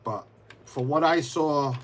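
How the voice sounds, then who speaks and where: A man's voice: a little high, slow, slight background noise. Rambling man chatting on a live stream. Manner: rambling, many restarts, answers viewers by name; mutters to himself while fiddling with pieces. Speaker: livestreamer. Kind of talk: casual live-stream chat while building.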